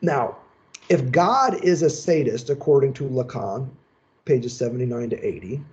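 A man giving a seminar lecture in a measured, emphatic, explanatory way. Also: mid-range voice, lively intonation, darkish tone, muffled recording. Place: lecture session.

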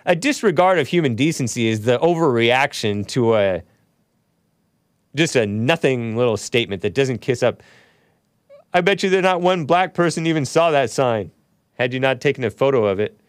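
A man's voice: mid-range voice, animated, moderate pace, no echo, clean studio sound. A man hosting a solo talk show, reading news aloud and breaking in with sarcastic, mocking asides. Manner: sarcastic, mocking asides, laughs at own remarks.

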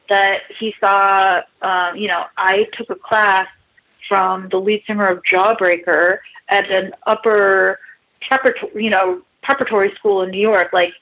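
A woman's voice: mid-range voice, fairly bright tone, low-quality recording. A woman guest writer in her thirties, chatting casually and self-mockingly, full of "like" and asides. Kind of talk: casual podcast interview.

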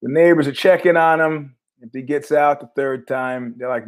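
A man's voice: on the high side, moderate pace, hardly any pauses. A man hosting his own show, telling a story in a blunt, profane, conversational way. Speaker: host. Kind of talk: casual storytelling monologue.

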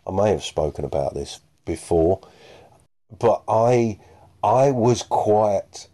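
A man's voice: lowish voice, expressive, slow pace, warm tone. A man hosting a podcast, chatting casually and a bit self-deprecatingly about listener messages. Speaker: podcast host.

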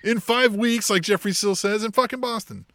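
A man's voice: sits high, normal speed, a bit bright, no room sound. A man co-hosting a casual wrestling chat podcast, blunt, sweary and sarcastic. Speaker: podcast co-host.

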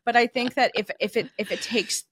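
A woman's voice: fairly high pitch, a little fast, breathy edge, dry recording. Woman guest, 40s: wry, candid, casual, dry close sound. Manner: wry, candid, thinking aloud. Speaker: guest, food writer. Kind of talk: casual chat.

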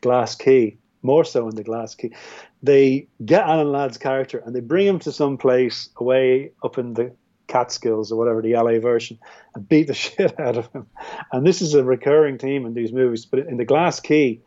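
Give me an Irish man chatting casually about films, warm and low-key, with lots of restarts. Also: normal speed. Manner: rambling, with many restarts and fillers. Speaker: filmmaker, podcast guest. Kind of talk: casual film discussion. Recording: dull, muffled audio.

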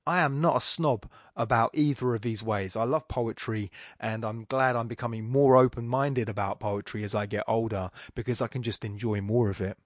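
A man with a mid-range voice hosts a podcast on poetry and talks it through in a chatty, eager way. The recording is dry and close, with no room sound. When he reads verse aloud, he slows down and weighs each line. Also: medium pitch, fairly even intonation, dry recording. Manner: chatty, enthusiastic, with fillers. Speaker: podcast host. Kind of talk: casual explanation, then slow poetry reading.

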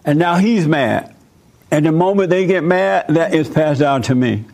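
An older man preaching to a room, with a voice pitched a touch higher than most men's. He tells his story in an animated way and jumps into the voices of the people in it. His delivery is lively and conversational. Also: normal speed. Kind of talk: sermon with role-play demonstration.

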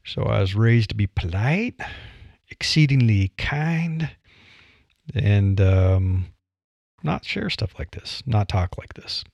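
An older Nebraska man with a Midwestern American accent hosts a solo podcast, speaking bluntly, plainly, and wryly. His voice is fairly low, gravelly, and darkish, animated yet slow-paced. The audio is dry and slightly dull.

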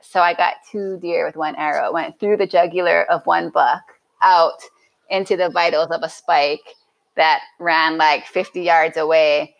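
On lo-fi audio, a podcast guest with a low-pitched voice and vocal fry speaks at a moderate pace. She tells her story casually and animatedly, her voice bouncing, frequently restarting sentences and acting out quotes from others.

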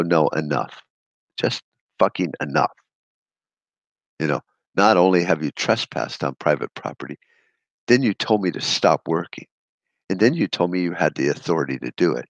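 Man, very deep voice, gravelly, blunt profane rant, sarcastic, dry close recording. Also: no echo. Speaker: podcast host. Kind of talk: solo podcast rant.

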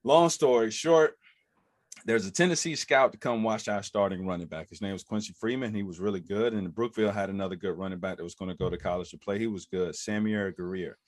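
A man's voice: lowish voice, brisk, dry recording, studio quality. A man in his thirties, a former football player, telling a story as a podcast guest, acting out other people's lines in raised voices. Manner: lively storyteller who acts out quotes in raised voices. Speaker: former NFL running back, podcast guest. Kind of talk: animated storytelling in an interview.

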